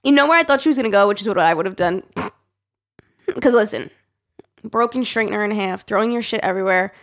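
A woman's voice: medium pitch, brisk. A woman podcast co-host chatting casually, reacting with profane, laughing commentary. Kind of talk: casual chat reacting to a story.

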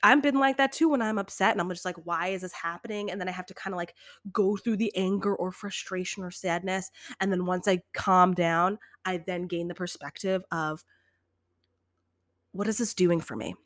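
A woman's voice: fairly low pitch, fairly even intonation, fairly quick, fairly bright tone, no room sound, clean studio sound. A young woman hosting a casual self-help podcast, chatty and emphatic, acting out the inner voices she talks about. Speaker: podcast host.

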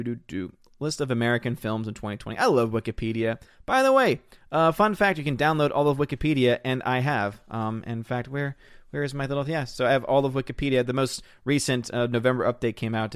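A man's voice: mid-range voice, quick pace, clean tone, no room sound, clean studio sound. A man in his thirties hosting a casual live stream, chatting upbeat and reading viewer comments aloud with playful voices. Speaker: livestream host.

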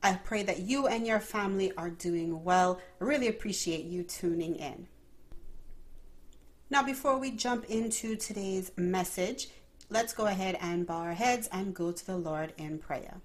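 A woman hosting a faith podcast, praying earnestly and then chatting in an animated way, often laughing. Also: lowish voice, measured pace. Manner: prayerful, earnest. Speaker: podcast host. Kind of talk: unscripted faith podcast talk.

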